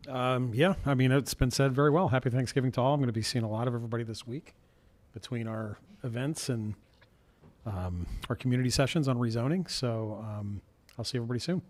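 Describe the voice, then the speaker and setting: A man's voice: mid-range voice, fast talker, darkish tone. A man on a school board giving brief, casual closing remarks with a few ums.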